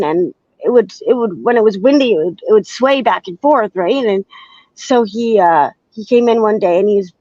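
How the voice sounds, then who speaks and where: A woman in her thirties, a guest in an interview, recounting her past in a halting, searching way. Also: medium pitch, warm tone, no room sound. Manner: hesitant, halting, searching for words. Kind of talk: personal storytelling in an interview. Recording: slightly dull, dry sound.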